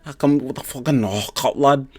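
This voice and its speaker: A man's voice: mid-range voice, moderate pace, mellow, voice pushed up, natural voice. A man putting on the voice of a brash young male fighter, cocky and swearing, ending lines with "lad". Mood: boastful.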